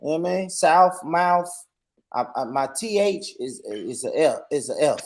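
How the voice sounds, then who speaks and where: A man's voice: medium pitch, sing-song, fairly quick, mellow. A man from Tennessee with a Southern accent, teasing and repeating himself in a casual group chat.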